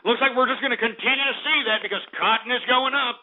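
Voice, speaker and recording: Man, high voice, angry profane comedic rant, blustering, tinny phone-like audio. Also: quick pace. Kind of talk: comedic ranting monologue.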